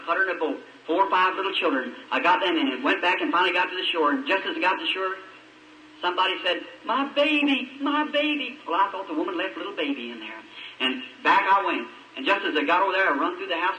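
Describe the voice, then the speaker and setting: A man's voice: high-pitched, sharp tone. A middle-aged man with a Southern US accent preaching a sermon, telling a personal story with fervent delivery and rhetorical questions to the congregation. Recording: echoey old archival sermon recording from far off.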